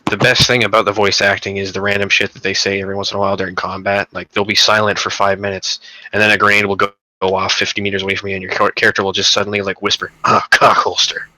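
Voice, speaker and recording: A man's voice: fairly low pitch, flat delivery, racing, sharp tone, dry recording, poor audio. A young man co-hosting a casual gaming podcast, rambling and profane, with lots of fillers and restarts. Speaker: podcast co-host.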